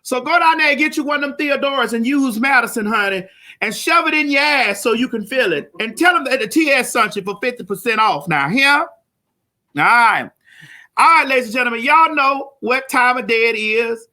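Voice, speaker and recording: Brash high-voiced woman hosting a live show. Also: animated, a little fast. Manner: loud, brash and profane, hollers at the audience. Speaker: host. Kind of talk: live-streamed comedy talk show.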